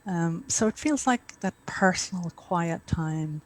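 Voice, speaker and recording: A woman's voice: lowish voice, expressive, slow, rough recording. A middle-aged woman from Ireland with an Irish accent, a guest author chatting in an interview with easy asides. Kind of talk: casual interview chat.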